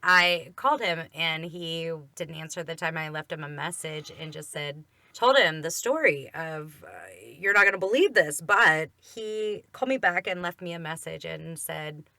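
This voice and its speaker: A woman's voice: sits low, normal speed, hardly any pauses, sharp tone, no room sound, studio quality. A woman co-hosting a faith podcast, telling a personal story in an earnest, emphatic way. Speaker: podcast co-host.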